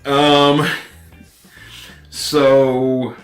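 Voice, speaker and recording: A man reviewing a pocket knife in a casual vlog. He has a runny nose, keeps clearing his throat, and chuckles at himself in a wry, laid-back way. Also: mid-range voice, monotone, very slow, echoey room, faint music behind.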